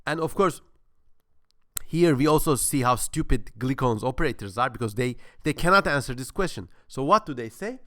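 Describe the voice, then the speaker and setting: A man's voice: medium pitch, animated, a little fast, a bit bright, dry recording, clean studio sound. A man presenting a casual history talk, rambling with many fillers and crude humor, with a sore throat.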